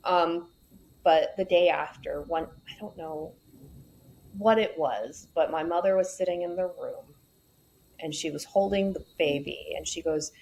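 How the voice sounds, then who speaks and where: A woman's voice: sits low, a little slow, creaky, darkish tone, slight background noise, low-quality recording. A woman tells her story frankly in a conversational interview. She mixes plain facts with wry asides. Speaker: podcast guest.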